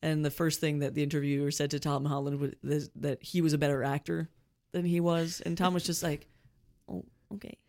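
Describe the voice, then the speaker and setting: A podcast co-host talking in casual chat, expressive, swearing freely, with quick reactions. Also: medium pitch.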